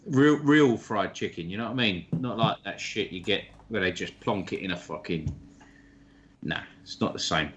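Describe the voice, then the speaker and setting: A man's voice: fairly low pitch, normal speed, a bit bright. A man chatting casually on a livestream, swearing freely in blokey banter. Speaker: stream co-host. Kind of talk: casual chat.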